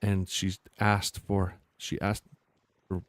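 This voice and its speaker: A man's voice: low voice, little pitch movement, dry recording. A man voicing a confused, weary ghost who stammers and loses his words. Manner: halting, stammering, trailing off.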